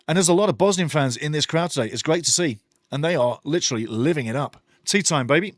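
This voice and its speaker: Animated man calling a match, dry sound. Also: fast talker, no echo. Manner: animated, opinionated, swings from excited calls to low asides. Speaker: watchalong host commentating a match. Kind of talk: live match commentary with chat replies.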